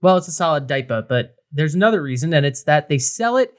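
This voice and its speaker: Fast and animated, this man's voice sits on the high side as he co-hosts a beer podcast. The review talk is casual and meandering, riddled with fillers and restarts.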